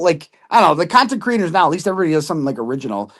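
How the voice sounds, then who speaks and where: Man, casual chat, swears a lot, acts out other voices, lively rising and falling pitch. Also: very fast, hardly any pauses. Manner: animated storytelling, swearing, acting out others' voices. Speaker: podcast guest.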